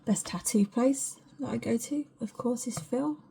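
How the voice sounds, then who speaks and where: A woman's voice: a little high, measured pace, creaky, dark tone, slight background noise. A woman chatting frankly at home in her kitchen, rambling and swearing and often dropping to a whisper. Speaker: vlogger. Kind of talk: rambling casual vlog chat.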